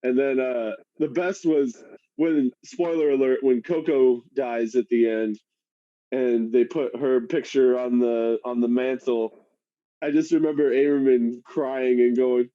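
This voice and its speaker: Podcast co-host, male, mellow tone, casual swearing, muffled dry recording. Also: medium pitch, unhurried, dry recording. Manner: swears freely, laughs mid-sentence, animated retelling. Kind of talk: casual chat.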